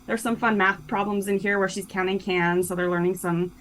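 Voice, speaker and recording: A young woman, a guest who co-wrote a children's book, chats cheerfully about it in an interview, dropping plenty of "um" and "like." Her medium-pitched voice is fairly even, a little fast and a bit bright. The low-quality recording has slight background noise.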